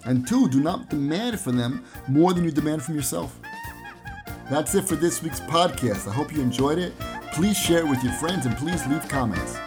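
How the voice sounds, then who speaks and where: A man's voice: a little high, lively intonation, normal speed, music in the background. A man giving a Torah lesson on his podcast, telling stories and briefly acting out the people in them. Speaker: rabbi teaching on a podcast.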